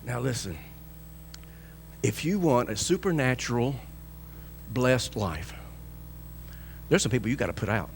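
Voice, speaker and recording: A pastor preaching a sermon with emphatic delivery. He swings between loud, high bursts and soft, low lines, acts out the voices he quotes, and chuckles often. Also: sing-song, a little slow, long pauses, a little hiss or hum.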